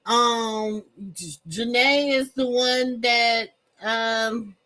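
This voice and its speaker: A woman's voice: a little high, drawn-out words, sharp tone. A woman hosting a gossip commentary show, sassy and mocking, sometimes breaking into sing-song. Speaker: show host.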